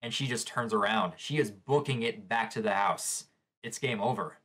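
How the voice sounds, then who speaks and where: A man's voice: on the low side, normal speed, fairly bright tone. A man hosting a live manga reaction, describing the panels aloud and reacting with shock to what he reads.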